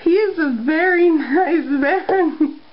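A woman's voice: very high voice, slow pace. A woman hosting a doll play video, chatting and giggling as she narrates the scenes. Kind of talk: playing with dolls and narrating. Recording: dull home video recording.

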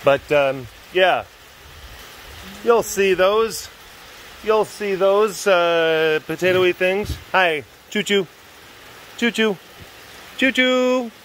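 A man talks in a slow, unhurried way as he vlogs outdoors at an animal facility. His talk rambles, full of fillers and goofy asides, and faint outdoor noise sits under it on the camera mic. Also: on the high side, low-quality recording. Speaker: big cat keeper and vlogger. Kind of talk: casual vlog talk.

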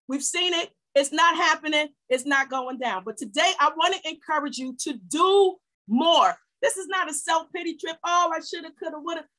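A woman pastor preaching a sermon to her church, exhorting and repeating her points, rising to shouts. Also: sits high, poor audio.

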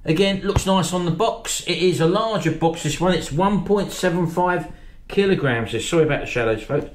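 A man's voice: high-pitched, moderate pace. A man hosting a casual food review, chatting to viewers he calls folks. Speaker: channel host. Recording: echoey room, faint noise.

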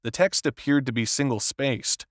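This is scripted audiobook narration by a man whose steady, measured delivery suits the story. The recording is clean studio quality without echo, and his pitch sits in the middle.

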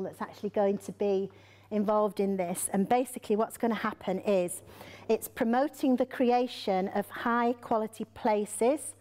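A woman's voice: medium pitch, a little mellow. A woman giving an informal presentation to local businesses, chatty, with many ums and restarts.

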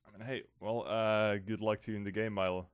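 A man interviewing an esports player in a relaxed, joking way. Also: lowish voice, a little fast, clean tone, dry recording, dull audio. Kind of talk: casual chat.

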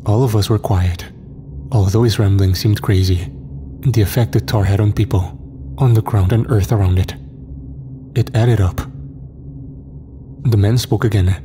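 A man narrating a military horror story in a steady, grim first-person telling. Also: lowish voice, normal speed, long pauses, background noise.

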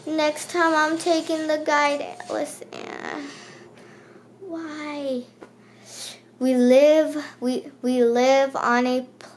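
A woman playing a video game and commentating it, often panicking and repeating words in bursts as she talks back to the enemies. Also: a little high. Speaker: gaming channel host. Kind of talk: let's play commentary.

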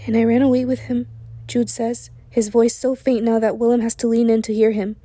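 A hoarse woman reading a novel aloud as an audiobook narrator, voicing the characters' lines and raising her voice for their shouted outbursts. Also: fairly high pitch, little pitch movement, moderate pace, dry recording. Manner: reads dialogue with raised, shouted outbursts.

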